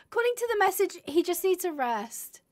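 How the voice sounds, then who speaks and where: A woman's voice: very high-pitched, very animated, brisk, a little mellow. A woman streaming a game live, talking to her viewers with big emotional swings from glum muttering to shrieking distress. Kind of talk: live gameplay commentary.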